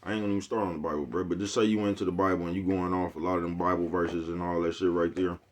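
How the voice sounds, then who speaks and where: A man with a very low voice talks straight to his audience in a casual, meandering monologue. He is slangy and profane, laughs softly between thoughts, and keeps checking in with the same repeated phrase. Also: fairly even intonation, very fast. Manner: repeats a catchphrase, chuckles often, slangy and profane. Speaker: YouTube host. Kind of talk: casual rambling monologue to viewers.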